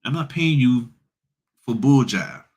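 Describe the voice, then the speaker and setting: A man's voice: mid-range voice, big pitch swings, slow, darkish tone, husky. A middle-aged man hosting a casual livestream, talking bluntly and preachily to his viewers in slangy speech. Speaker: notary business host.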